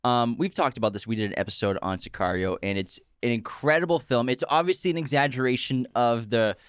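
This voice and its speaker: A man in easy, casual chat as a podcast co-host, keen and lively about what he likes. His voice is smooth and clean. The sound is dry and close. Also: medium pitch, no room sound. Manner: enthusiastic, talks in quick bursts.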